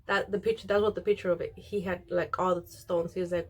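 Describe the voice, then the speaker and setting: A young woman chats casually while she does her makeup. She rambles with plenty of ums and likes and keeps slipping into quoting other people. Her pitch sits at an ordinary middle height. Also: steady tone, a little fast. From Mexican. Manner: rambling, many fillers, quotes others. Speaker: beauty vlogger.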